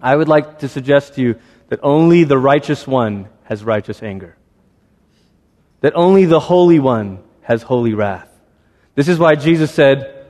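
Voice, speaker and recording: A man's voice: medium pitch, expressive, moderate pace, darkish tone. Man preaching with long hall reverb. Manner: conversational, acts out voices. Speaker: pastor. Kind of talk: sermon.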